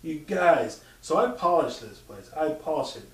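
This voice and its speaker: A man's voice: fairly high pitch, expressive, moderate pace. A man telling stories in casual chat. He swears freely and acts out sounds and quotes. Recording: roomy sound from a distant mic.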